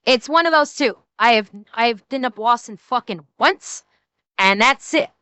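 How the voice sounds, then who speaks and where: A woman streamer talks through a video she is reacting to, animated and full of swearing. Her voice is high, bright and smooth, recorded dry and close. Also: moderate pace, no room sound. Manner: animated, swears freely, laughs a lot. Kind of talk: live reaction commentary.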